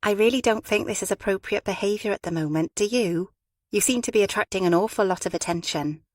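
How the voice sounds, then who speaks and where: A woman reader voicing a calm, tactful former policewoman who speaks politely but firmly. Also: mid-range voice, fast talker, dry recording, studio quality, lightly acted.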